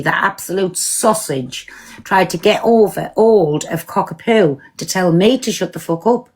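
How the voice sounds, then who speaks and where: Woman going off on her live, swears a lot, straight-talking, chatty with viewers. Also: medium pitch. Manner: blunt, swears freely, talks back to commenters. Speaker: live-stream host. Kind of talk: casual live-stream rant.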